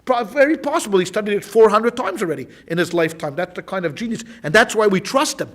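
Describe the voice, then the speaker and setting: A man's voice: sits high, lively intonation, quick pace, a bit bright. A man teaching a Talmud class as a rabbi, telling a story in a loose, informal way, with many restarts and repeated phrases.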